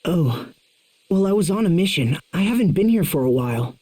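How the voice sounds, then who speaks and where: A woman voicing a young male knight in a game cutscene, talking in urgent, disbelieving questions with a husky voice. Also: fairly low pitch, animated, normal speed, mellow, dry recording. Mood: stunned.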